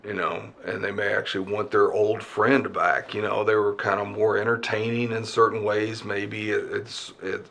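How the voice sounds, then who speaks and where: A man speaking as an addiction expert in an interview, measured and a little hesitant as he explains. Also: lowish voice, little pitch movement, vocal fry, a bit bright, slight background noise.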